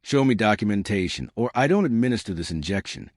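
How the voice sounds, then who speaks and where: A man voices an experienced woman nurse, firm and precise, who keeps her words controlled and unshaken. His delivery has a lively, moving pitch and a dry, close sound. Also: quick pace, no room sound.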